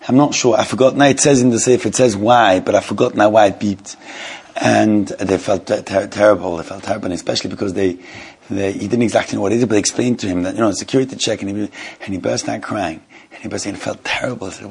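Husky man teaching a religious class. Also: on the low side, fairly even intonation, a little mellow. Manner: halting and repetitive, often restarts phrases; mixes Hebrew and Yiddish terms into English. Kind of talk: informal religious lesson.

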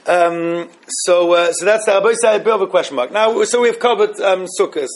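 High-voiced man teaching a class. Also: a little fast. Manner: thinking aloud, repeating phrases, mixing Hebrew terms. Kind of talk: halacha class with questions from students.

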